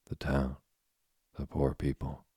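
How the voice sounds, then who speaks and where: A man's voice: very deep voice, monotone, takes it slowly, warm tone, slightly rough, no room sound, studio quality, exaggerated voice. A man reading aloud, voicing a firm, caring young girl who pleads with a friend. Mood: pleading.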